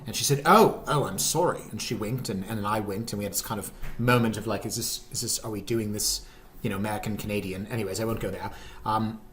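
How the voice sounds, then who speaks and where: A man putting on a fake British accent, halting and jokey. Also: fairly low pitch, fairly bright tone, lightly acted. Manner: hesitant, full of ums and self-mocking asides.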